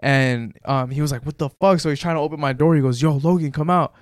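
A young man in casual chat, telling an animated story full of profanity. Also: on the high side, fast talker, dry recording, clean studio sound.

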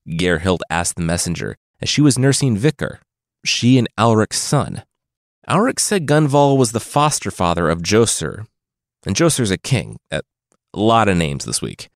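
A man's voice: lowish voice, very animated, moderate pace, no room sound, studio quality. A man telling a saga as a comedic retelling, with wry, sarcastic asides. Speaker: storyteller host.

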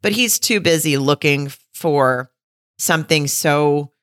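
A woman's voice: sits low, takes it slowly, fairly bright tone, no echo, studio quality. A woman co-hosting a podcast, candidly chatting about a reality show, swearing and laughing often. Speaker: podcast co-host. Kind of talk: casual chat recapping a reality show.

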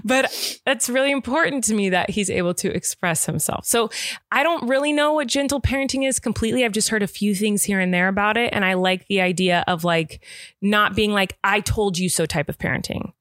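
A woman's voice: medium pitch, brisk, fairly bright tone, no echo. Young mom rambling earnestly about parenting, dry close sound, quotes her kid a lot. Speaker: parent in a podcast chat. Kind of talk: casual chat.

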